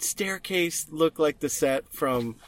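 A man chatting casually about a film, jumping in with jokes and side remarks. His voice sits slightly high. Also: slow. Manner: chatty, interjecting, joking. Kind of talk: casual chat recapping a movie.

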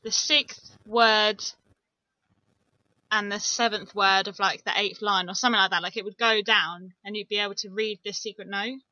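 A woman's voice: medium pitch, fairly even intonation, moderate pace, bright, forceful tone, no room sound, muffled recording. A young woman, co-hosting a casual true-crime podcast, with blunt, swearing remarks. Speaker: podcast co-host.

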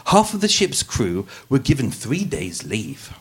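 A man's voice: mid-range voice, huge pitch swings, measured pace, husky. A man with a Birmingham accent hosting a live true-crime podcast, narrating with jokes and frequent stumbles over words. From England. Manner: jokey, self-deprecating, stumbles over words. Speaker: podcast host. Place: room with a live audience.

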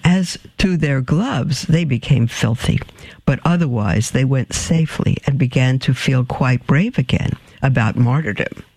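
A man reading a children's story aloud at an unhurried pace, stopping now and then to explain an aside. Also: mid-range voice, darkish tone, no echo. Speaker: reader.

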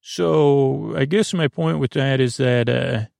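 Male sleep-podcast host, mid pitch, gravelly, soft and meandering, hesitant restarts. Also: takes it slowly, dry recording, clean studio sound. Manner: soft and soothing. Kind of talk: rambling bedtime monologue.

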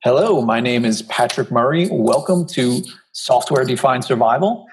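A podcast host with an animated, medium-pitched voice speaks at normal speed, though the recording quality is low. He reads a scripted introduction, then chats with his guest in a friendly, conversational interview.

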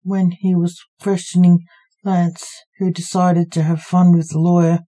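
Slow-reading woman storyteller. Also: fairly low pitch, flat delivery, mellow. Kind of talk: scripted narration.

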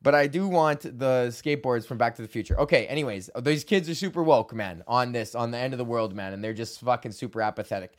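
A man's voice: mid-range voice, quick pace, few pauses. A young man from Canada hosting his own podcast, rambling casually while stoned, swearing a lot and laughing often. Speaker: podcast host.

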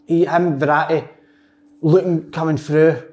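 A man's voice: a little high, little pitch movement, unhurried, a little mellow, lo-fi sound. A man co-hosting a casual podcast, rambling and often restarting his sentences. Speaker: podcast co-host. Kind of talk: casual chat.

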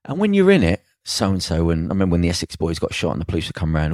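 Man, blunt and sweary storyteller, low gravelly voice. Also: huge pitch swings, quick pace, a little mellow, no room sound, clean studio sound. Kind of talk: casual storytelling chat.

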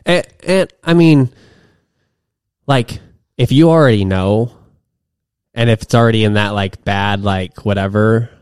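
A man's voice: lowish voice, a little slow, pauses often, a little mellow, smooth, no echo, studio quality. A young man co-hosting a podcast, talking casually in a rambling way with many restarts. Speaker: podcast co-host. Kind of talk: casual chat.

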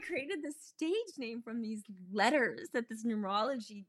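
A woman actress telling stories as a podcast guest, animated and laughing, acting out the voices of people she quotes. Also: fairly high pitch, normal speed. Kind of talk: casual storytelling interview.

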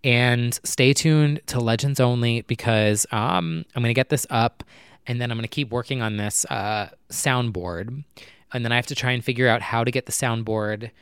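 Rambling man with a smooth voice. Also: medium pitch, moderate pace, a bit bright, dry recording, studio quality. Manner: rambling, filler-heavy and self-mocking. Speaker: podcast host. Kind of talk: casual solo chat. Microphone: home recorder.

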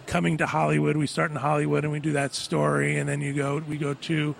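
A man hosting a podcast in a relaxed, chatty way, steering the conversation between guests. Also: fairly high pitch, quick pace, gravelly, a little hiss or hum. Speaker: podcast host. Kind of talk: casual chat.

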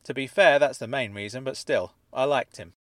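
A man's voice: mid-range voice, moderate pace, no echo, close to an everyday voice. A man voicing a blunt, joking landlord who talks in a teasing, chatty way.

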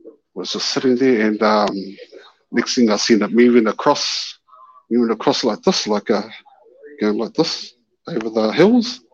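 A man's voice: lowish voice, unhurried, slightly rough. A man calling in and telling a story, animatedly acting out the voices in it. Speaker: caller. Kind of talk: casual storytelling. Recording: dull lo-fi call-in audio.

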